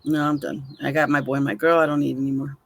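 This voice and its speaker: A man's voice: mid-range voice, level tone, quick pace, gravelly, fairly bright tone. A man co-hosting a podcast in casual chat, chatty and laughing often. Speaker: podcast co-host.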